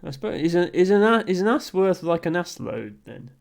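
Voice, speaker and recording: A man streaming a word game and chatting casually with viewers in a dry, amused way, thinking aloud with soft chuckles and ums. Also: sits high, sing-song, a little fast, vocal fry.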